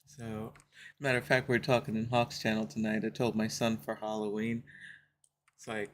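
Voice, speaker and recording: A woman's voice: extremely low pitch, level tone, moderate pace, slight background noise. A woman streaming a game, chatting casually with her viewers, laughing often and telling stories from home.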